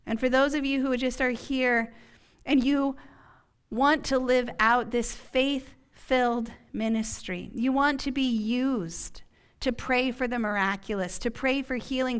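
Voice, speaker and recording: A woman pastor preaching a sermon in church, earnest and emphatic, sometimes dropping to a hush. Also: fairly high pitch, smooth. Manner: earnest, slow and emphatic, dropping to a hushed whisper at key points.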